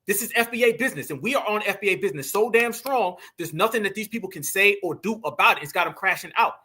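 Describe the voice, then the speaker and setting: A man's voice: high voice, animated, fast, pushed and bright, breathy edge. A man with a Southern US accent hosting a commentary show, reacting to a clip in a scornful, preachy way and calling his viewers family. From Southern United States. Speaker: commentary channel host.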